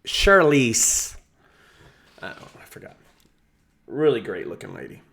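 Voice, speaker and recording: A man's voice: medium pitch, wildly swooping pitch, a little slow, a bit bright. A man who runs a junk removal business, teaching sales in a casual, profane, storytelling way. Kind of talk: casual teaching talk to camera.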